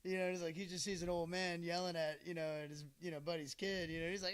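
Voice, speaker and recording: A man's voice: sits high, little pitch movement, fairly quick, hardly any pauses, clean tone. Rambling, laughing man telling a story. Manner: rambling, laughing, with many fillers. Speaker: podcast host. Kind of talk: casual storytelling chat.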